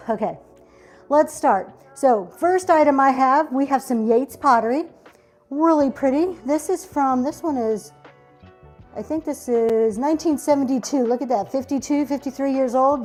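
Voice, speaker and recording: With a high, slightly mellow voice, a woman pitches vintage goods on a live online auction show. She chats easily, gets excited about each item she reveals, and keeps saying "y'all" and "um."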